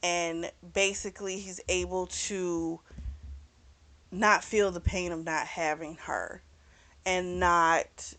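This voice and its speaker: A woman's voice: fairly low pitch, fairly even intonation, takes it slowly, a bit bright. A woman hosting a book club channel, casually recapping a novel's plot with quoted dialogue. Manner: chatty, retells scenes with quoted lines.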